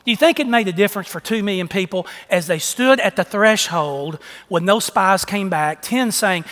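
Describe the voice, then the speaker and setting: Male preacher, emphatic sermon, high voice, long echoing hall. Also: normal speed, few pauses, a bit bright. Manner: emphatic, repeats phrases for emphasis. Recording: long echo of a large hall.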